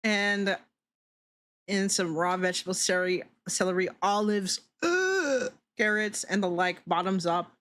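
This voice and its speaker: A woman's voice: mid-range voice, unhurried, fairly bright tone. A woman VTuber streamer in casual chat, ranting with lots of swearing and laughing often.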